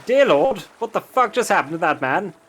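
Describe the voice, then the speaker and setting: A man's voice: sits high, sing-song, normal speed, slight background noise. A man playing a fussy British census taker. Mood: shocked. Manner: overly formal, keeps saying sir, swears when startled. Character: polite fussy Old West male census taker.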